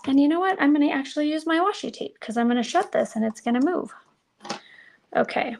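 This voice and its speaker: A woman with a slightly high voice and a gravelly fry runs a live card-making demo. She chats to her viewers as she works and pokes fun at her own methods. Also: lively intonation, brisk, darkish tone, a little hiss or hum. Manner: chatty, self-deprecating, talks to viewers while working.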